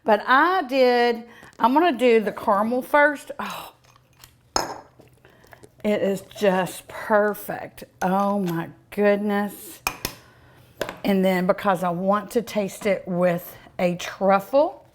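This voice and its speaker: A woman hosting a home cooking show, tasting dessert with drawn-out mms and ohs in a folksy, chatty way, outdoors at her home. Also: medium pitch, a little hiss or hum.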